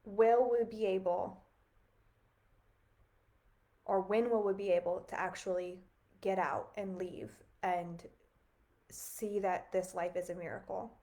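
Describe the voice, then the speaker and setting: A woman's voice: mid-range voice, steady tone, slow, long pauses, dark tone. A woman, hosting a reflective spiritual livestream, talking earnestly in a musing, casual way full of "like" and small laughs. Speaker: livestream host.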